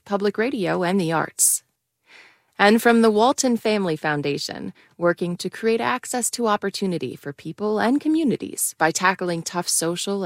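Gravelly woman reading sponsor credits. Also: mid-range voice, no echo. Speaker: funding credits announcer. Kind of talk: scripted sponsor reads. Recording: dry close-mic studio.

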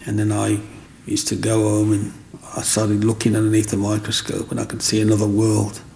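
A man's voice: on the low side, moderate pace, slight background noise. A man telling his life story in an interview, acting out the voices of people he met. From England. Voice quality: gravelly. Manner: animated storyteller who acts out other people's lines.

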